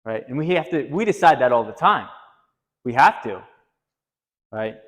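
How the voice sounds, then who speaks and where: A man leading a group talk at a retreat, telling a story in an animated way and lifting his voice when he quotes someone. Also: moderate pace, big-room sound. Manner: animated, rising pitch when quoting. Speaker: retreat discussion leader. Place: retreat meeting room.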